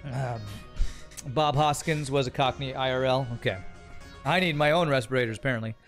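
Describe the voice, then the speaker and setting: A man's voice: mid-range voice, moderate pace, soft background music. A man streaming a strategy game, chatting casually, thinking aloud and answering chat in a rambling way. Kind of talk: casual gameplay commentary, reading chat.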